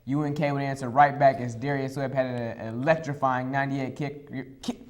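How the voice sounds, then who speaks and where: A young man reads through college football highlights as a sports show co-host. His voice is mid-range, and he stays upbeat, restarting phrases as he goes. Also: fairly even intonation, normal speed. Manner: upbeat, repeats himself when restarting. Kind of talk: highlight play-by-play commentary.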